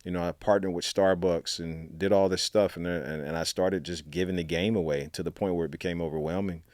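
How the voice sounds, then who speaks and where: Deep-voiced man from Alabama. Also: fairly even intonation, brisk, darkish tone, no echo. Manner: chatty, many fillers, acts out quotes. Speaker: guest, author and storytelling coach. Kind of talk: casual interview storytelling.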